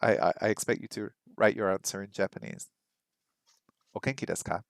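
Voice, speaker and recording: A man chatting casually on a stream while he practises a language, thinking aloud and sounding out words slowly. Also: lowish voice, creaky, dry recording. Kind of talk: casual livestream chat.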